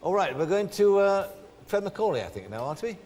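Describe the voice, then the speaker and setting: A man's voice: high voice, very animated, quick pace, darkish tone, big-room sound, a little hiss or hum. Radio host guy, polite and a bit flustered wrapping up, long studio tail. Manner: polite, slightly flustered wrap-ups. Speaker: radio presenter. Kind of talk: live broadcast presenting.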